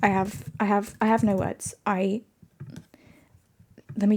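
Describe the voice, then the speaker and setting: A woman's voice: medium pitch, flat delivery, measured pace, pauses often, darkish tone. A woman streamer in casual livestream chat, playful, laughing often and answering her viewers.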